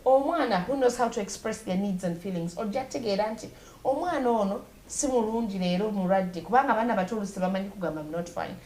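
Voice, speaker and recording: A woman's voice: medium pitch, fast, a little mellow, echoey room. A Ugandan woman radio host commenting casually, switching between English and Luganda as she explains. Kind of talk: casual talk show commentary.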